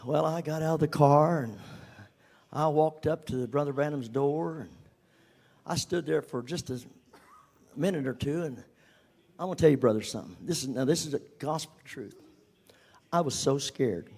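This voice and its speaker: Animated older man telling a story. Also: fairly high pitch, normal speed, vocal fry, long pauses. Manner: animated, dropping to a whisper for emphasis. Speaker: speaker giving a testimony. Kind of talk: storytelling to a congregation.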